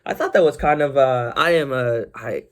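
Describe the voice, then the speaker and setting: A young man talks through sports news on his own podcast at a mid-range pitch. He rambles loosely, restarts his sentences and fills pauses, then jumps up with excitement. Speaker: podcast host. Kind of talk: casual solo sports chat.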